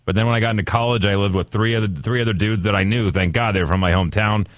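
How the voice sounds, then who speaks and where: Low-voiced man on a dry podcast mic. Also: steady tone, rapid-fire, dry recording. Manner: chatty, reacting then telling his own anecdotes. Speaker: podcast host. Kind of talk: casual chat.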